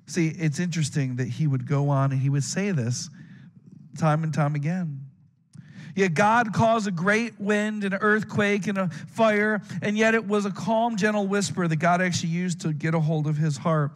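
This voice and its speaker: A pastor delivers a sermon in a somewhat high male voice. He speaks earnestly to his congregation and often repeats a word as he restarts a phrase. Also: normal speed, long reverb tail. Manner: earnest preaching to students and adults, frequent stammered restarts.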